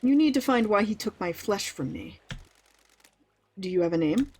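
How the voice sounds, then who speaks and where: A woman reading aloud the lines of an ancient, weakened god who judges visitors, in a measured way. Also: medium pitch, animated, darkish tone, husky. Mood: aloof.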